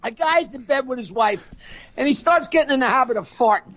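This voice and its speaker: A brash older man rattling off dirty jokes, cackling at his own punchlines. His high voice swings up and down. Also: animated, a little fast, fairly bright tone, muffled recording. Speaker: guest joke teller. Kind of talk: rapid-fire dirty joke telling.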